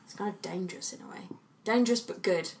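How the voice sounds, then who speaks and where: A young English woman co-hosting a podcast, chatty and playful, quick to laugh. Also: mid-range voice, a little mellow, slight background noise. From England. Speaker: podcast co-host, singer. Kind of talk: casual chat.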